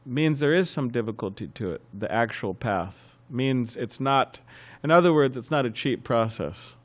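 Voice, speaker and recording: A man giving a scriptural class as a sermon, telling anecdotes in a lively way, chuckling and often restarting phrases. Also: mid-range voice, normal speed. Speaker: temple class speaker. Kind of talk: sermon with storytelling.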